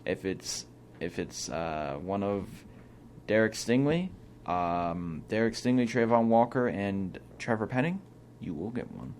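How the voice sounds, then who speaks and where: A man's voice: lowish voice, expressive, unhurried, darkish tone, slight background noise. Young man riffing on football picks. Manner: opinionated, thinks aloud with restarts. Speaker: co-host. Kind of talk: casual sports chat. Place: small studio.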